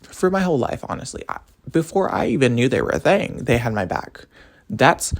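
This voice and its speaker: Young male college vlogger, chatty rambling rant with lively, swooping pitch. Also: brisk. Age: young adult. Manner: animated, rambling, jumps between topics. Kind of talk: casual rant to camera.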